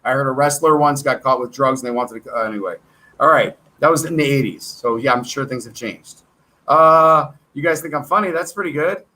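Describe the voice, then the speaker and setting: An American man hosting a stock market livestream, rambling and excitable, with self-deprecating asides. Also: medium pitch, fairly quick. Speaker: stock market show host. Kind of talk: casual livestream commentary.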